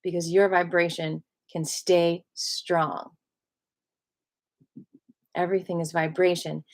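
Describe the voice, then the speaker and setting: A woman's voice: fairly low pitch, level tone, slow pace. A woman teaching qigong in a casual spoken lesson, asking many rhetorical questions and acting out other people's voices with animation.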